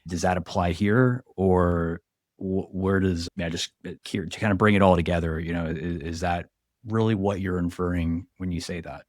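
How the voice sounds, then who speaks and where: Brief: male podcast co-host, very deep voice, halting and casual. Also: fairly even intonation, a little mellow, dry recording, studio quality. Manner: rambling, halting questions with restarts. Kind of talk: casual chat.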